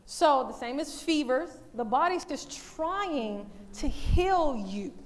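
High-voiced animated woman preaching. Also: slow pace. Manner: conversational, animated, laughs often. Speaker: women's day speaker at a church. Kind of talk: lively church talk. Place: church.

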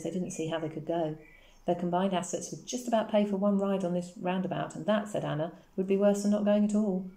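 Woman narrator for a children's novel, deep voice, mellow tone, steady measured delivery. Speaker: audiobook reader. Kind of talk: storybook narration.

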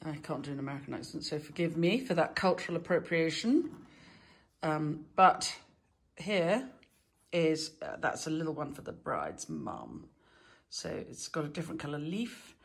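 A woman's voice: low voice, animated, normal speed, gravelly. A woman flower farmer and florist talking through her wedding flowers in a chatty, self-deprecating way, laughing now and then. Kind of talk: casual how-to vlog. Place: outdoors in a summer garden.

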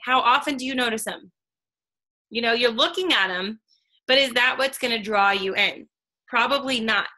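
A woman's voice: on the high side, sharp tone. A woman giving a casual, upbeat business training talk on a call, chatty and full of "like" and "okay.".

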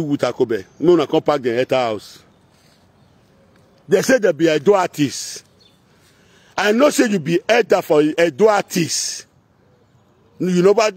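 A man's voice: high voice, darkish tone, breathy edge, no echo. A man with a Nigerian Pidgin Edo accent, delivering a confrontational rant that slips into singsong chanting and repetition. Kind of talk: heated rant mixing chant and speech.

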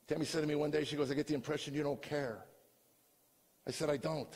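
An older man tells his own story as a comedian's testimony, moving between hushed lines and loud shouts. His voice is husky and sits a bit high for a man. It rings out in a hall with a long echo. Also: fairly even intonation, unhurried, pauses often. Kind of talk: personal testimony.

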